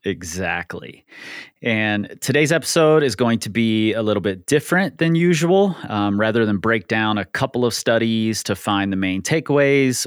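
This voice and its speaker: A man's voice: on the low side, smooth, dry recording, studio quality. A man hosting a podcast, explaining things earnestly with frequent ums and easy laughs. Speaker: podcast host. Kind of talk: casual podcast discussion.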